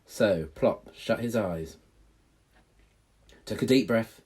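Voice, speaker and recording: A male teacher reading a storybook aloud to children in a playful, animated way. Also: on the low side, slow, breathy edge.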